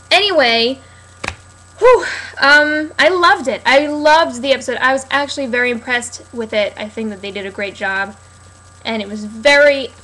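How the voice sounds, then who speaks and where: A woman's voice: on the high side, sharp tone, slight background noise, low-quality recording. Chatty, sarcastic young woman vlogger. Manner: chatty, sarcastic, many fillers. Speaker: TV recap vlogger. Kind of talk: casual rambling commentary.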